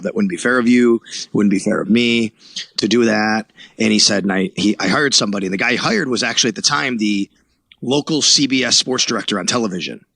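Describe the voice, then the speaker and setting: Fast, bright-voiced man telling a story. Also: fairly low pitch, creaky, slightly rough, no echo. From Buffalo, New York. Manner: animated, acts out quoted dialogue. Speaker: podcast guest, sports reporter. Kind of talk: casual storytelling interview.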